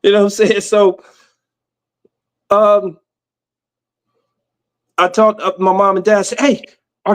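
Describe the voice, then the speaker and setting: American guy as a podcast guest, tells stories in a lively casual way, slightly high voice. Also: slow pace, pauses often. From United States. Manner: animated, acts out the people in his story. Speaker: guest, music executive. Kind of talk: casual storytelling.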